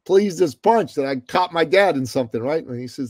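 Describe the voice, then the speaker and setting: A man telling stories as a podcast guest, emphatic and preachy, swinging between loud declarations and quiet reflection. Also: mid-range voice, lively intonation, quick pace, dry recording. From Iran. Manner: emphatic, preachy, rises and falls in loudness. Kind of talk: impassioned interview storytelling.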